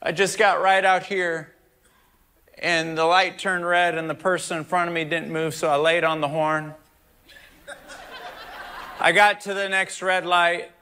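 Guy pastor preaching, high bright voice, slow and drawn out, gets shouty. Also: flat delivery, clean tone. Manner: builds to loud shouted preaching, then drops low. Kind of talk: sermon.

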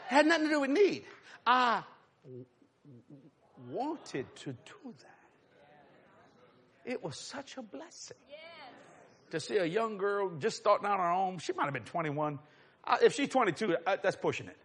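A middle-aged preacher tells a story in a sermon, acting out the voices of other people. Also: male voice, on the high side. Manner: animated, acts out voices, chuckles.

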